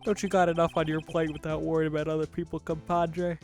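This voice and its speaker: A man's voice: fairly high pitch, flat delivery, quick pace, darkish tone, soft background music, pitched above the performer's own voice, close to an everyday voice. A man voicing a folksy, easygoing Texan cowboy detective with a put-on Southern drawl.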